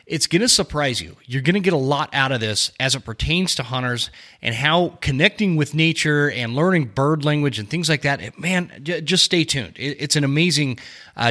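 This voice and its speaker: Bright-voiced rambling male podcast host. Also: mid-range voice. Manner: rambling, with many fillers and self-corrections. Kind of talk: casual podcast chat. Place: small home studio under remodel.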